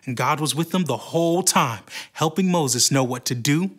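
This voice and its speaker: A man's voice: a little high, moderate pace, a bit bright. A man narrating a Bible story for kids in an earnest storytelling manner.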